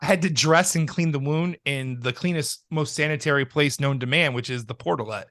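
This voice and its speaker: A man's voice: on the high side, a little fast, fairly bright tone. A young man co-hosting a podcast, telling a rambling story in casual chat and laughing often. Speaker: podcast co-host.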